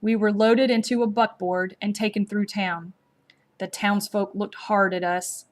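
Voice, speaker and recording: A woman reads a storybook aloud at a slow, measured pace. Her delivery is gently expressive, with her voice pitched in the ordinary middle range for a woman. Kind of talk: storybook read-aloud narration.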